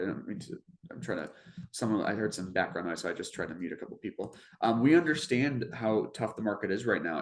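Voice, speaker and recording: Low-voiced man presenting a webinar. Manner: conversational, earnest, many restarts. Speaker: webinar presenter for a marketing program. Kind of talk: informational webinar talk.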